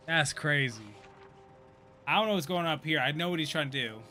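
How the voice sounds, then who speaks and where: A man in his thirties giving casual, profane live-stream commentary, chatty and quick to laugh. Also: a little high, bright, forceful tone. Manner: loose, profane, laughs often, chatty asides.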